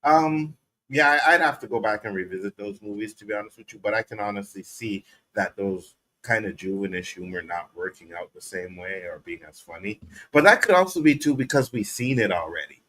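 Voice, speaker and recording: Bright-voiced man recapping a show. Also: lowish voice, a little fast. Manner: animated, laughing, acts out character quotes. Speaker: podcast co-host. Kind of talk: casual recap chat.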